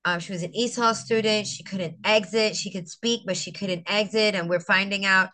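A middle-aged woman with a bright, forward voice tells a heartfelt story about a student. She slips into her students' voices as she quotes them and turns tearful at times. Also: mid-range voice, steady tone, moderate pace, a little hiss or hum. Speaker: veteran teacher, guest. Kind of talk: emotional personal storytelling.

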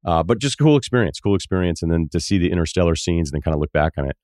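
A deep-voiced man hosts a podcast and tells a rambling travel story in a casual, animated way. He acts out the people he met, jumping up and down in pitch for their lines. His voice sounds dry and close, with no room around it. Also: rapid-fire, dry recording. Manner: animated, acts out quoted dialogue in shifting voices. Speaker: podcast host.

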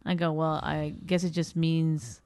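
A woman comedian with a notably low voice talks in casual chat. She is blunt, teasing and quick to argue, with swearing throughout. The sound is dry and close. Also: level tone, a little mellow, dry recording.

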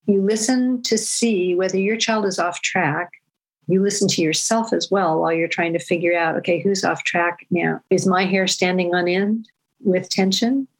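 Calm older woman, evenly measured. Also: lowish voice, poor audio. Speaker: parenting educator. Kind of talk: interview answer, storytelling.

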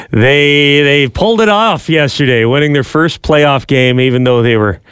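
A man's voice: medium pitch, takes it slowly, a bit bright, clear, resonant tone, dry recording, clean studio sound. A man co-hosting a podcast who talks in an easygoing way, asking questions and teasing his partner. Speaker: podcast co-host. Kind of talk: casual chat, prompting questions.

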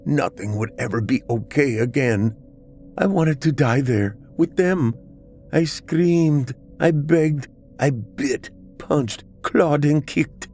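A man narrating a dramatic story in the first person, with expressive, emotional delivery. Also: medium pitch.

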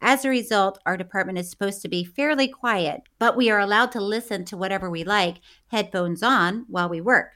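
A woman's voice: mid-range voice, fairly quick, few pauses, bright, forceful tone. A woman co-hosting a podcast, chatting casually, laughing often and reading listener letters aloud. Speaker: podcast co-host. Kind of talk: casual chat.

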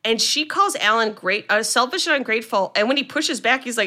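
Bright, chatty woman retelling a film. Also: fairly high pitch, brisk, few pauses. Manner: chatty, animated retelling with filler words. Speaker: podcast co-host. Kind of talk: casual film recap.

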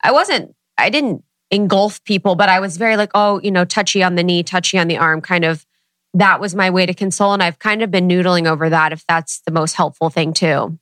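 A woman's voice: lowish voice, a little fast, a bit bright, no room sound. A woman hosting a podcast conversation, reflective and thinking aloud as she speaks.

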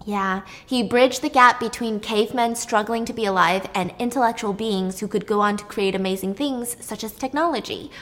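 A woman's voice: mid-range voice, normal speed, hardly any pauses, fairly bright tone. A young woman retelling a myth to a friend in a chatty, blunt, laughing way. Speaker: podcast host.

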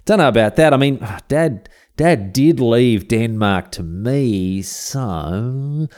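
A man's voice: medium pitch, expressive, slow pace, a little mellow. A man voicing a wary younger Viking king as a hesitant, placating bloke.

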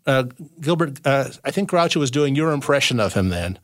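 A man's voice: medium pitch, lively intonation, brisk, a bit bright, dry recording, studio quality. A man from Southern California, a showbiz historian guesting on a podcast, telling long anecdotes in a casual chat with many restarts. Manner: rambling storyteller with frequent restarts.

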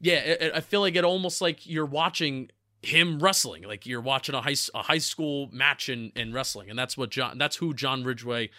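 A man's voice: mid-range voice, moderate pace, pushed and bright, dry recording, studio quality. A man with a New Jersey accent, talking casually as a co-host in a chatty, loose way, often restarting his words. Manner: chatty, restarts words, laughs at own slips. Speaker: co-host of a football draft podcast. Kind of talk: casual sports analysis chat.

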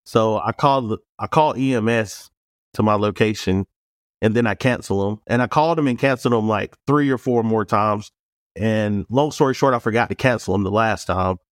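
A former police officer telling a story in a casual, frank way, acting out the other people's lines in quoted voices. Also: male voice, lowish voice, moderate pace, dry recording, studio quality. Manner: animated, acts out dialogue in quoted voices.

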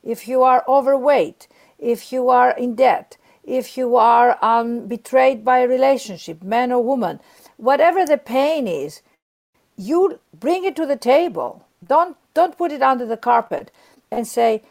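Creaky-voiced woman speaking earnestly. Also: on the high side, lively intonation, unhurried. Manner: earnest, emphatic, acts out inner voices. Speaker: guest author and speaker. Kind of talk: warm spiritual interview talk.

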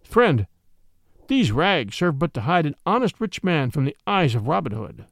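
A merry young outlaw in beggar's rags, teasing and sly, his voice lifting and dipping with playful mischief, as a male narrator voices him. The tone sits a little high with a gravelly edge, recorded close and dry. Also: very animated, normal speed, no room sound.

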